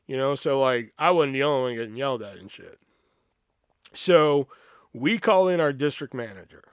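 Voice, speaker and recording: Casual male storyteller, swears a lot, mid pitch, dry close sound. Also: moderate pace, clean tone, dry recording. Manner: profane, animated, acts out quoted voices. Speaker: podcast host.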